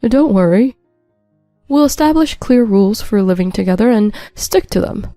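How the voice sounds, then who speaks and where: A woman voicing a calm, self-assured young woman friend who speaks steadily and reassuringly. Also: a little high, moderate pace, dry recording, faint music behind, pitched above the performer's own voice.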